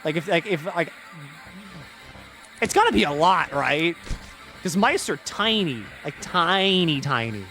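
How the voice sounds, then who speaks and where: A man streaming a video game, reading its text aloud in a low mutter and breaking into rambling, jokey asides full of "like". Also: animated, a little slow, pauses often, sharp tone, faint music behind. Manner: jokey, irreverent, swears.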